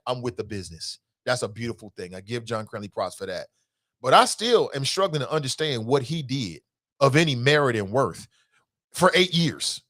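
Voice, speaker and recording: A man hosting a solo political talk show with a Cincinnati accent, passionate and profane, swinging between loud outbursts and muttered asides as he reads listener comments. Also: mid-range voice.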